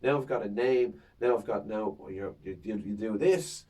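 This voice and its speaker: A man's voice: lowish voice, normal speed, far from the mic. A man, a stand-up comedian, chatting casually and acting out his banter with audience members. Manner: animated storytelling, acts out crowd banter. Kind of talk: casual chat.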